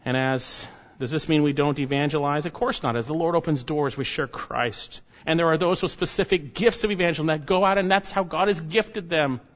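A man's voice: on the high side, a little fast. Emphatic preaching man, slightly muffled. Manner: emphatic preaching, rhetorical questions, drops soft on closing words. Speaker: pastor. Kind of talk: sermon. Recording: slightly dull lo-fi sound.

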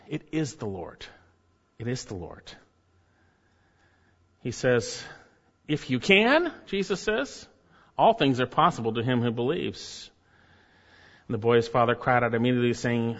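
A man preaching a sermon, emphatic, his voice climbing high when he reads quoted lines. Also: expressive, a little slow, long pauses, long reverb tail, lo-fi sound. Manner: emphatic, rises sharply when reading quotes. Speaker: pastor.

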